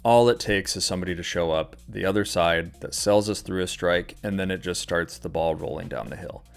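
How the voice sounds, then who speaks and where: With vocal fry and a low pitch, a man talks fairly quickly while faint music plays behind him. He is a trading livestream host whose casual, filler-heavy market commentary turns into exasperated rants full of swearing.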